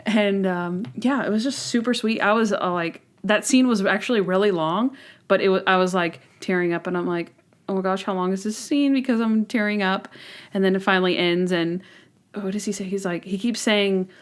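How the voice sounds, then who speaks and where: A woman's voice: mid-range voice, normal speed. Chatty woman podcast co-host. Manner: chatty, animated retellings of scenes. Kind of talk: casual chat.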